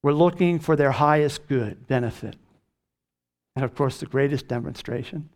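A man preaching a sermon, slowing down and leaning hard on key words. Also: mid-range voice. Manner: slow emphatic preaching, rising on key words. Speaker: pastor.

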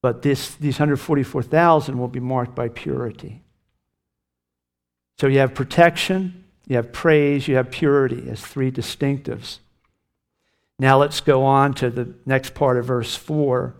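A man's voice: medium pitch, fairly even intonation, unhurried. Middle-aged male pastor, earnest emphatic sermon delivery, mid-range voice. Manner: earnest, emphatic preaching with lifts on key phrases.

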